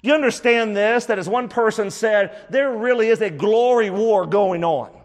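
A male pastor with a high-pitched voice delivers an emphatic sermon, repeating his key phrases for stress. His voice carries a long reverb, as in a large hall. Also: moderate pace.

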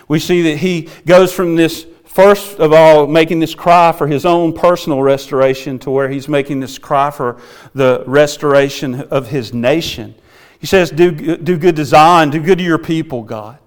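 A man preaching a sermon in an earnest way, often checking in with his listeners and rising in pitch and volume when he stresses a point. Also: clear, resonant tone. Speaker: pastor.

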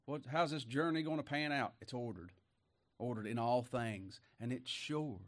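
A man preaching a folksy sermon, reading scripture slowly, chuckling and asking his congregation questions. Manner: bursts into high exclaims; slow scripture reading in King James wording.

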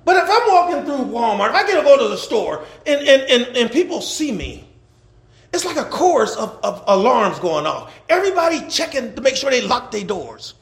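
Animated high-voiced pastor preaching. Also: male voice, brisk, creaky, reverberant. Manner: animated, laughing, shouting at times. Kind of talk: sermon. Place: church.

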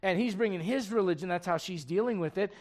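A man's voice: high voice, quick pace. A man pastor preaching a casual, conversational sermon to his congregation and reading scripture aloud.

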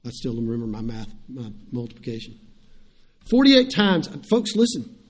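A man's voice: mid-range voice, very animated, normal speed. A middle-aged man, preaching a sermon in a conversational way, repeating phrases and turning to the congregation with asides. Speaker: pastor.

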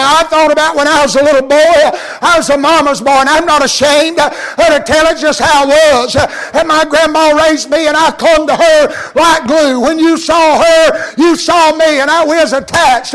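A high-pitched man preaching with a drawl. He tells the story with great drama, shouting one moment and sinking to a hush the next. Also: rough recording. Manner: dramatic, swings between loud cries and hushed near-whispers. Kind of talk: sermon storytelling.

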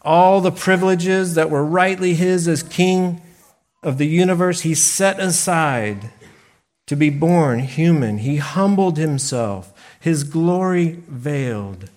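A man preaching a sermon slowly and deliberately, pausing for emphasis. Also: fairly high pitch, a little mellow. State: briefly choked up. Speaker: pastor.

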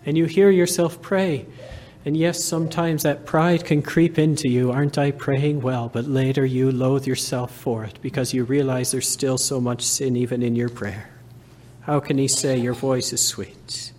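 A man preaching a sermon in a slow, earnest manner, building to fervent emphasis. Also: mid-range voice, little pitch movement, a little mellow.

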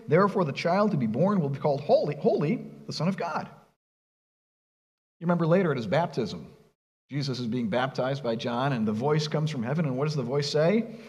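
A man's voice: fairly high pitch, long reverb tail. A middle-aged man preaching a sermon, earnest and emphatic, asking the congregation rhetorical questions. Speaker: pastor.

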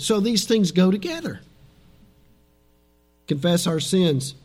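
A man preaching a sermon as pastor, animated and dramatic, dropping suddenly soft for emphasis. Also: high voice, slow pace, long pauses.

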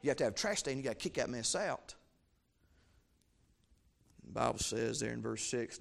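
A man preaching a sermon, fervent and repetitive, swinging from low asides to loud emphatic peaks. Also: a little fast, vocal fry. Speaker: pastor.

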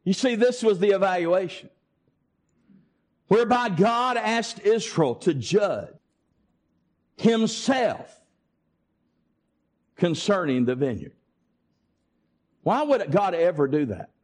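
A man preaching a sermon, emphatic and deliberate, with dramatic pauses. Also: high voice, very animated.

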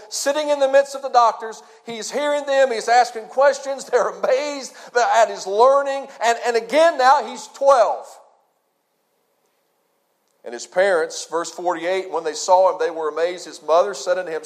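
Middle-aged male pastor, high voice, preacherly delivery with loud peaks and hushed dips. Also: moderate pace. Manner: preacherly, swings from loud emphasis to hushed low drops. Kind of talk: sermon.

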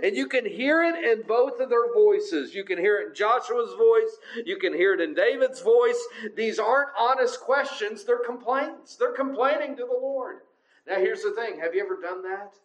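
A high-voiced man preaches a sermon at normal speed in a conversational way, dropping in frequent filler uhs. The recording sounds rough.

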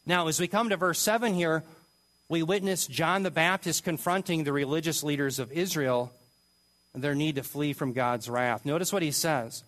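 A man's voice: on the high side, moderate pace, fairly bright tone. A man teaching verse by verse through a Bible passage, speaking emphatically and posing rhetorical questions to his listeners.

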